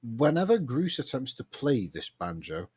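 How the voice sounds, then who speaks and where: A man's voice: mid-range voice, very animated, moderate pace, a little mellow, slightly rough, no room sound. A man narrating as game master in a tabletop game over a voice call, rambling and correcting himself. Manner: rambling, self-interrupting.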